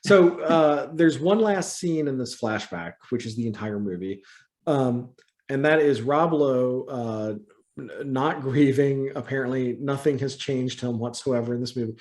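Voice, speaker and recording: A man's voice: mid-range voice, unhurried, darkish tone. A man guesting on a movie review chat, talking casually and animatedly, laughing often and ranting in exasperation.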